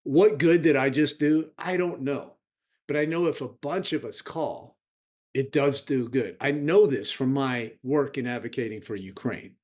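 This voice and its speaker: Male vlog host, middle pitch, indignant conversational commentary to his audience. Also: a little slow, darkish tone. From United States. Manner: indignant, chatty, direct to viewers. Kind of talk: casual political commentary to camera.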